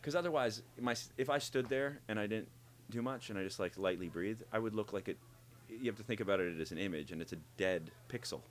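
A man who works as a voice actor, talking in an interview and explaining how he builds his characters, animated and demonstrating as he goes. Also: lowish voice, quick pace. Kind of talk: interview conversation.

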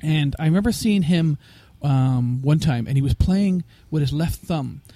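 A man guest talking about his life as a musician in a casual interview, telling stories with lively acted-out quotes. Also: a little high, measured pace, no echo. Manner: animated, acts out quoted voices.

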